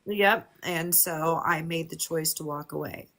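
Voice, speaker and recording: A woman in her forties, speaking as a guest on a live stream, candid and emotional, talking haltingly. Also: low-pitched, steady tone, fairly bright tone. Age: 40s. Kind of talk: personal conversation.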